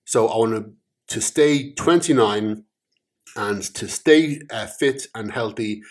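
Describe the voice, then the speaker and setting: A man's voice: fairly low pitch, slow. A man doing a stumbling, earnest wisher. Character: ambitious man wishing for wealth and charm.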